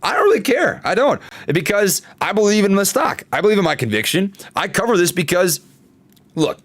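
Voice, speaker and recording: A man hosting a casual stock market livestream, chatting with viewers and reading their comments, animated, with plenty of fillers and repeats. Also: high-pitched, brisk, dry recording. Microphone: desktop studio microphone.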